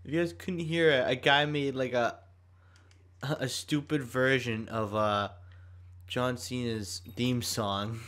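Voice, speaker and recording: A young man giving loud, excitable gameplay commentary, swearing and laughing often. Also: medium pitch. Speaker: gaming YouTuber.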